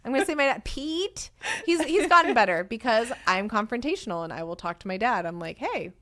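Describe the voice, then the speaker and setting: Animated woman with a Southeast San Diego accent. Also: a little high, brisk. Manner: animated, candid, laughs often. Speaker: guest. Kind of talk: casual podcast conversation.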